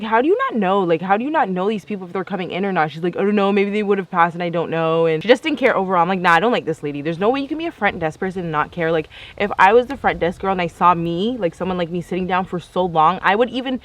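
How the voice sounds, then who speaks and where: A woman's voice: fairly low pitch, animated, quick pace, few pauses, no echo. A young woman telling a story in a casual vlog, chatty and exasperated, acting out both sides of each conversation. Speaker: vlogger.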